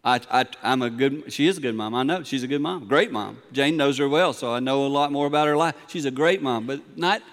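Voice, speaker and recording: A middle-aged man, preaching a sermon in a large church, moving from quiet storytelling to emphatic points. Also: mid-range voice, fairly quick, hardly any pauses. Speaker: pastor. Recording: long hall reverb.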